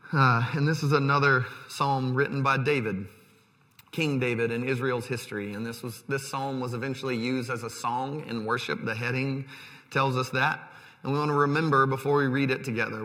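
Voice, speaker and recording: Bright-voiced male pastor in a reverberant hall. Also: mid-range voice. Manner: conversational, with fillers and restarts. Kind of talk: sermon.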